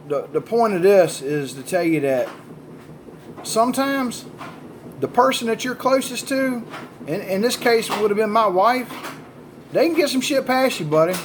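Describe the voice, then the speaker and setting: A man's voice: sits high, slight background noise. Profane folksy man telling a story. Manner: folksy, profane, drawling with repeated "buddy" and "man". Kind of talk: casual spoken storytelling.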